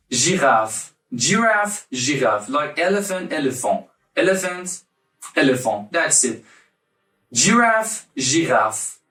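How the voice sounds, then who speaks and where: A man teaches vocabulary at a slow, deliberate pace, saying each word again and again for the listener to copy. He sounds set back from the mic in a reverberant room, with soft music faintly underneath. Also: a little high. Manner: slow, repeats each word several times for the viewer to copy. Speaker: language teacher. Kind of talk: casual online language lesson. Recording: echoey room, mic at a distance.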